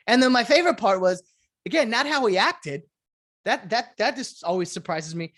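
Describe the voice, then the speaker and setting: A man hosting a casual video rant, rambling with restarts and self-corrections, his voice jumping up when he gets excited. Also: a little fast. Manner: lively, jumps up in pitch when excited. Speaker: video host commenting on baseball.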